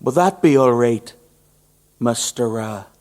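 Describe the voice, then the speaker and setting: A man's voice: mid-range voice, expressive, slow, a little mellow. A man with an Irish accent playing a swaggering con-man barber who poses as an Italian in a radio musical drama, with a mocking, wheedling drawl. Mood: menacing.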